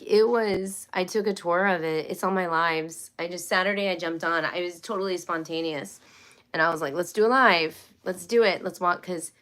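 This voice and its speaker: A woman's voice: on the low side, a bit bright. A woman hosting a casual homeschool live stream, chatty and rambling, with many fillers and restarts. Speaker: homeschool livestream host.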